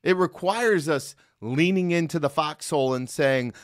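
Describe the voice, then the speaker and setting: A man's voice: on the high side, expressive, measured pace, no room sound, studio quality. Earnest man hosting a faith podcast. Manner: earnest, conversational, often asks "right?". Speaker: podcast host. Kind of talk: solo devotional podcast talk.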